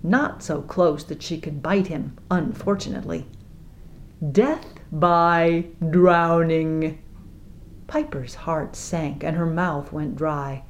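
A woman reading an audiobook aloud in a measured, expressive way. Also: low-pitched. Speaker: narrator. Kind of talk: audiobook narration.

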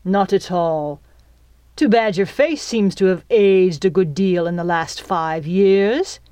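Woman playing a boastful young pirate man, mocking and forceful, a storybook villain. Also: on the low side, takes it slowly, clear, resonant tone, dry recording. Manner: mocking, snarling, old-fashioned pirate talk. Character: young greedy pirate captain, boastful, with a steel claw.

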